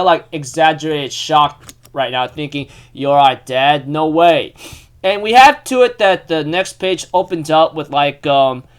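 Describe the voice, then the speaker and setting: A man's voice: a little high, clean tone. A young man casually recapping a comic chapter, rambling with many fillers and frequent laughs. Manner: excitable, rambling, laughs often, lots of fillers. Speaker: manga recap host.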